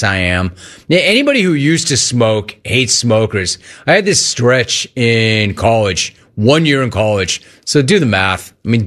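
A middle-aged man hosting a call-in radio show, ranting with animated energy and mocking cheerful greetings in a high voice. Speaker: sports radio host.

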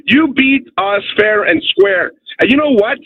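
A man's voice: very high voice, expressive, a little slow, vocal fry, no room sound. A man from Canada calling in to a radio show, delivering an emphatic rant and repeating "okay?" to press his points. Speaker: caller. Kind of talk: phone-in rant. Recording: tinny phone line.

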